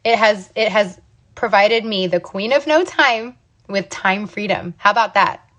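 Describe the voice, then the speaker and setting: A woman's voice: medium pitch, a little slow, a bit bright, lo-fi sound. A woman in her thirties from the United States, telling her own business story to camera in an emphatic, motivational way, often checking in with "okay?". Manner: emphatic, repeats "okay?" and "you guys". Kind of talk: casual motivational talk to camera.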